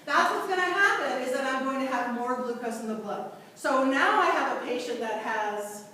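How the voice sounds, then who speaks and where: A woman teaching a class and quizzing the students, lively, recorded from far off in a large lecture room. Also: high-pitched, moderate pace, a little hiss or hum. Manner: lively, asks the class questions. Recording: echoey hall from far off.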